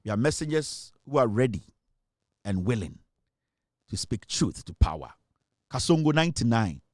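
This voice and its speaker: A man with a Ghanaian English accent hosting a political call-in show, speaking in a forceful, accusing way. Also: medium pitch, sing-song, normal speed, no echo, clean studio sound. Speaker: talk show host.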